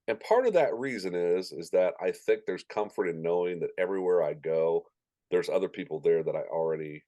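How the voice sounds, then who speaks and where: A man's voice: low voice, dark tone, no echo. A man in his forties, a stadium announcer, telling anecdotes in a casual interview and acting out the voices of people in his stories.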